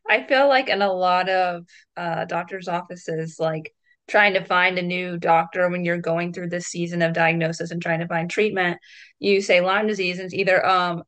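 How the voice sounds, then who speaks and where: A woman's voice: on the low side, steady tone, normal speed, fairly bright tone. Casual young woman co-host. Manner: casual, heavy use of "like". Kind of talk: casual interview chat.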